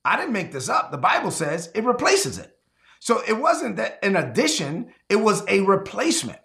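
A man's voice: high-pitched, gravelly, sharp tone. A man preaching a sermon, earnest and confessional, often repeating and restarting his phrases.

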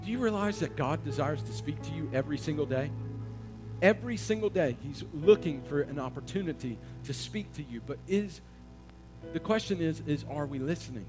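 A man preaching a sermon, asking the congregation questions and swelling to loud emphatic peaks. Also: a little high, expressive, fairly quick, music in the background. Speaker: pastor.

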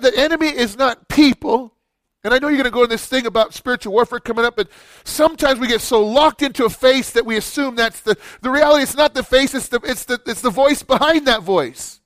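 Male pastor, very high voice, dry close sound, impassioned sermon. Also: a bit bright, dry recording. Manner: impassioned storytelling with rhetorical questions.

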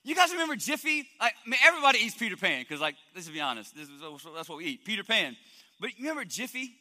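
Bright-voiced pastor man in a reverberant hall. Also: high-pitched, quick pace. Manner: energetic, joking with the congregation. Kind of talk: sermon. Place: church hall.

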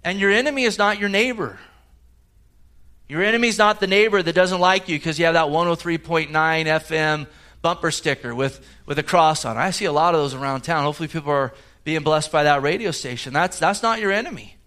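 A man's voice: on the high side, brisk, bright, forceful tone. A man preaching a sermon as a pastor, emphatic and full of rhetorical questions. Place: church service.

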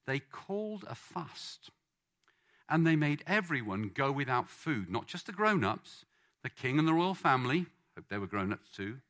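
A man preaching a sermon, playfully coaxing the congregation to join in. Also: medium pitch. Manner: lively, playful, coaxing the crowd.

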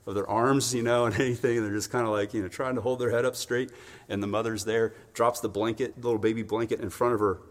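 A man preaching a sermon in an animated storytelling way, acting out the voices of the people in his stories. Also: medium pitch, quick pace, long reverb tail.

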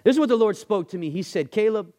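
A male guest pastor, delivering an animated sermon in a slightly high voice that swings widely in pitch. He keeps dropping into quieter, lower voices to act out the people in his story. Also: fast talker. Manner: animated, acts out bible characters in dropped voices.

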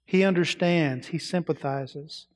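A man preaching a sermon, asking his listeners questions and dropping to quiet, soft tones. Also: a little high, a little slow. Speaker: pastor. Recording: reverberant hall.

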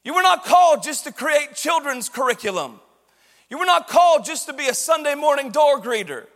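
A male pastor preaching a sermon with passion, shouting and letting his voice rise into a sing-song. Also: extremely high pitch, sing-song, fairly quick, in a large hall.

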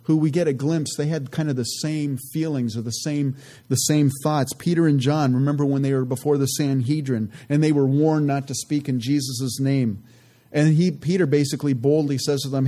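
A man teaches from scripture in an earnest, easygoing way, with frequent conversational asides. His voice sits at a middle pitch with a warm, mellow tone. He slows down deliberately when reading verses aloud. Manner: earnest, relaxed, many "you know" asides. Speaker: Bible teacher.

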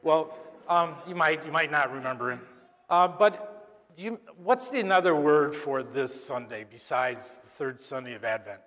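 A man, apparently a deacon, giving a conversational sermon during Mass, halting and joking with the congregation. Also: fairly high pitch, animated, a bit bright. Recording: long church reverb.

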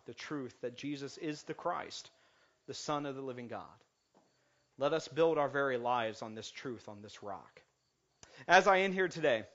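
A man preaching a lighthearted sermon as pastor, joking with his congregation before settling into calm, earnest preaching. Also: medium pitch. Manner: jokey and animated, then calm and earnest. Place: church sanctuary. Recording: muffled lo-fi sound.

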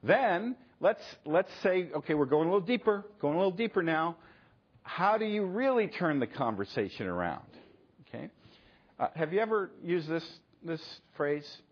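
Husky pastor preaching with "okay?" checks. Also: male voice, fairly high pitch, sing-song, moderate pace, dull audio. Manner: conversational, acts out quoted exchanges, frequent "okay?". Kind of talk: sermon.

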